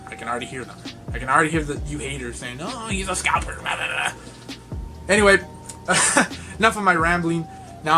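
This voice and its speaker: Young male vlogger with a fairly high voice, rambling and excitable, laughing often, faint music underneath. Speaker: toy collector reviewer. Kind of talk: casual vlog storytelling.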